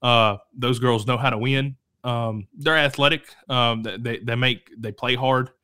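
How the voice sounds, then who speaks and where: Male sports host, casual rambling talk, self-correcting, bright tone. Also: mid-range voice, fairly even intonation, a little slow, clear, resonant tone. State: coughing now and then.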